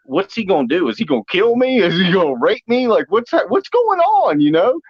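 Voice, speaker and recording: A man's voice: mid-range voice, lively intonation, moderate pace, no room sound, lo-fi sound, lightly acted. A man voicing a nervous young woman alone at night, asking anxious questions.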